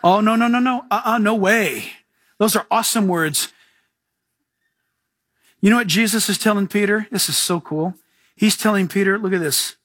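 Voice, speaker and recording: A male pastor delivers a casual sermon with lots of energy, joking and slipping into the voices of the people he quotes. His voice sits high and a little husky. The recording is dry and close. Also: normal speed, long pauses, fairly bright tone, dry recording.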